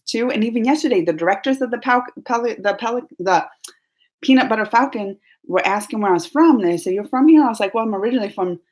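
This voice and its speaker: A woman's voice: a little high, fast, darkish tone. A woman from New Orleans with a Southern accent, chatting casually and giggling as she reads viewer comments on her live stream. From New Orleans, Louisiana, US. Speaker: YouTube host.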